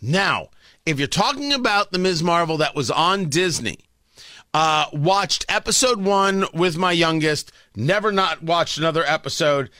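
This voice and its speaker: A middle-aged male talk radio host with a high, bright voice that leaps all over the place. He rants sarcastically and picks fights, dropping to mutters and then bursting out loud. The studio sound is dry and close. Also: lively intonation, a little slow, no echo. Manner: sarcastic, combative, swings between mutters and loud mock outbursts. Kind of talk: opinionated talk radio monologue. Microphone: studio broadcast mic.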